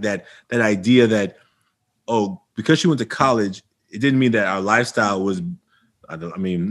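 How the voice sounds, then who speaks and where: Lively storytelling man, low voice. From Oakland, California. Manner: animated storyteller acting out past dialogue. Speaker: guest. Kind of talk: storytelling interview.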